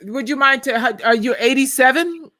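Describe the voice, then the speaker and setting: A woman's voice: high voice, normal speed, pushed and bright. A tired woman co-hosting a live online talk show, chatting casually and rambling while she waits for her co-host. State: tired from exhaustion. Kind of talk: casual live-stream chat.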